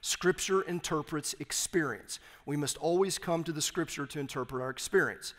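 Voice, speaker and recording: A man's voice: fairly high pitch, moderate pace, a bit bright. A man with a Texan accent, a pastor giving an emphatic teaching sermon with humorous asides in a church. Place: church sanctuary. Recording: long hall reverb.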